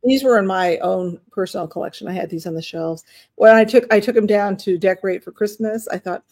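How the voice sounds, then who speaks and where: A chatty woman hosting a live online sale, rambling easily as she shows each item. Her voice sits at a middle pitch with an everyday casual delivery, full of little fillers and restarts. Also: fairly quick. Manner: chatty, rambling, warm toward bidders, many fillers. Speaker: live online auction seller. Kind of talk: casual live-stream selling chat.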